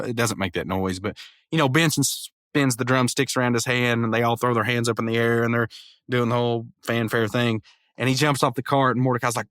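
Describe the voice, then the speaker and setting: Podcast host, male, excited recap, trips over his words, mid-pitched, dry close mic. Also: no room sound. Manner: enthusiastic retelling with quick character impressions; stammering restarts. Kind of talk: casual episode review.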